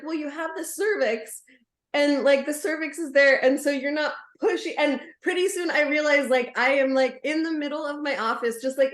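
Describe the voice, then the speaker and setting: A woman chiropractor telling a frank, animated story to colleagues, laughing often. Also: high voice, roomy sound. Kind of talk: casual storytelling among colleagues.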